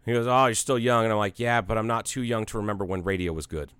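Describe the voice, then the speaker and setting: Man, forty, from Ohio, animated storyteller, lowish voice, smooth and clear, dry close sound. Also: racing, no room sound. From Ohio, United States. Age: 40s. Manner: animated storyteller, acts out both sides of a conversation; casual, swears freely. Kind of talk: casual chat, storytelling.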